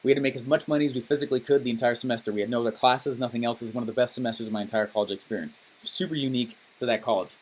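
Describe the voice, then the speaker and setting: A man coaching his course members on a call, telling stories with lively enthusiasm and often checking in with "okay?". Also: mid-range voice, very fast, hardly any pauses, slight background noise. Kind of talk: energetic coaching call with storytelling.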